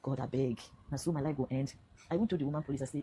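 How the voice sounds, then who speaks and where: A woman's voice: extremely low pitch, rapid-fire, mellow, slight background noise, low-quality recording. A middle-aged Nigerian woman with a Nigerian accent, telling her story straight to camera in an impassioned, pleading way. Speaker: social media vlogger. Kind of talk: direct-to-camera personal statement.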